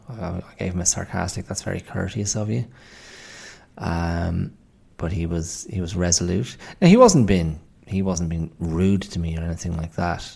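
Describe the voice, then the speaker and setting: A man's voice: deep voice, vocal fry, mellow. An Irish man hosting a podcast, telling a story in a wry, exasperated casual monologue. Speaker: podcast host. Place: indoors at home, late night.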